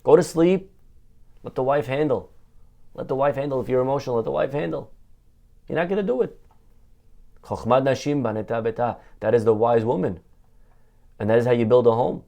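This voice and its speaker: A rabbi man delivering a Torah lesson sermon in a mid-pitched voice. He talks with animation, firing off rhetorical questions and answering them himself, and he repeats key phrases to drive a point home. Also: fairly quick, gravelly, pauses often, dark tone, dull audio.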